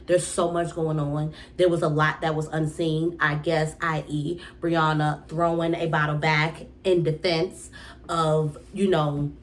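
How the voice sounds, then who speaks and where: Young female recap vlogger, slightly low voice, casual and exasperated, rambling delivery. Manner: exasperated, animated, restarts often.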